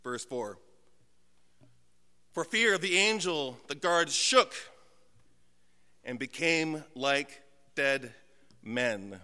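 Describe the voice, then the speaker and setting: A man with a high, bright and very clear voice preaches a sermon from a church pulpit. He tells self-mocking stories with humor, then slows to a hushed, deliberate weight on key words. A long hall reverb trails behind his voice. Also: expressive. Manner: humorous, self-mocking storytelling that drops to slow, hushed emphasis. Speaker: pastor. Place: church sanctuary.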